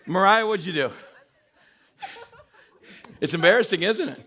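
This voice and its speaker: Pastor from West Texas, high and bouncy voice, humorous storyteller working a young adult crowd. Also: male voice, animated, normal speed, pauses often, bright, forceful tone. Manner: storytelling with self-mocking humor, often laughing. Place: church meeting hall.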